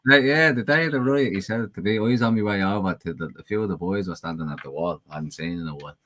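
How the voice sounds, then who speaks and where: A man's voice: low-pitched, fast, a bit bright, no echo. A man in casual podcast chat, telling rambling stories and swearing freely. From Ireland.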